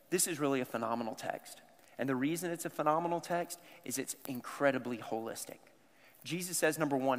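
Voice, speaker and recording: A man's voice on the high side, animated and a little fast, carries a sermon aimed directly at the congregation. He's a pastor from the American South with a conversational style, recorded in a large church sanctuary with long hall reverb.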